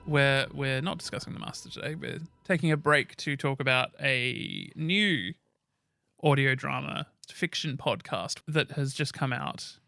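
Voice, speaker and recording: A man co-hosting a podcast in casual chat, excitable and rambling, with the odd swear. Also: medium pitch, a little slow, creaky, no echo. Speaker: podcast co-host.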